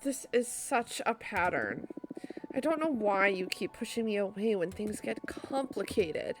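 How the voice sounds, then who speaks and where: A woman's voice: medium pitch, animated, unhurried, over music, natural voice. A woman voicing an older witch who is the stern, protective big sister, speaking in a firm, lecturing tone. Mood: scolding.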